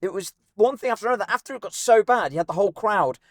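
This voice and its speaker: Guy ribbing his mate in a van podcast, voice a touch high, dry close sound. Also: fast talker, no room sound. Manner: teasing, animated banter. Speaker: podcast host. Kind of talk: casual chat. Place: inside a moving van.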